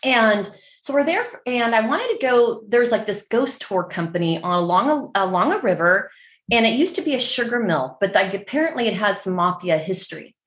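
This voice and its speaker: A middle-aged woman from San Francisco, telling a story as a podcast guest in a chatty, animated way full of fillers. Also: mid-range voice, brisk, echoey room. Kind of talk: casual storytelling.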